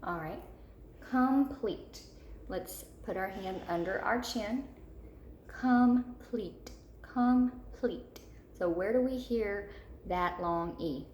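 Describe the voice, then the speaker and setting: A woman teaching a third-grade spelling lesson, patiently repeating each word slowly for young children. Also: medium pitch. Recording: echoey room with faint noise.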